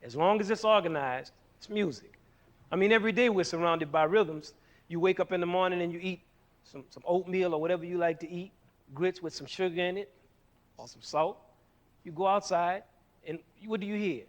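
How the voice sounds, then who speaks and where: A man with a fairly high voice leads a lesson on rhythm. He is animated and keeps asking his listeners questions, pausing for them to call out the answers. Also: a little hiss or hum. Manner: animated, asks the audience questions. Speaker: music teacher.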